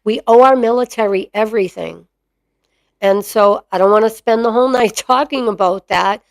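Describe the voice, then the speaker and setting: A woman's voice: mid-range voice, moderate pace, dry recording. A middle-aged woman hosting her own podcast in a chatty, opinionated monologue, full of fillers. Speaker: mastiff breeder and podcast host.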